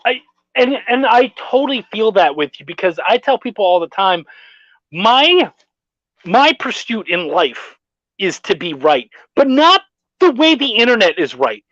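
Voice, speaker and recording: A middle-aged man hosting a podcast, telling stories in a profane, animated casual chat. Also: high voice, a little slow, dry recording. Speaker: podcast host. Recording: dull dry lo-fi sound.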